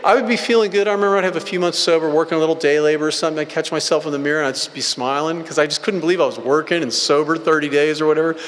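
Man, recovery testimony, rambling blunt storyteller, slightly high voice, long hall echo. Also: steady tone, very fast, hardly any pauses, fairly bright tone. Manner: rambling, casual, blunt storytelling with filler words. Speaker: recovery meeting speaker.

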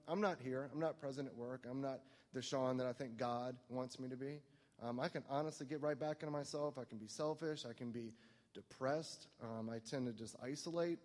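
A man's voice: mid-range voice, a little mellow, long reverb tail. A man telling his personal recovery story to a meeting, rambling and self-mocking, filling his talk with "like" and "you know". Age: adult, no longer young.

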